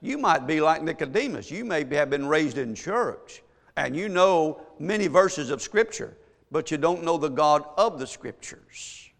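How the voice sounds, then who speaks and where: A man's voice: fairly high pitch, animated, a little slow, creaky, a bit bright, in a large hall. A man preaching a sermon, reading scripture aloud with rising, emphatic delivery to a church congregation. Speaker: pastor. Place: church sanctuary.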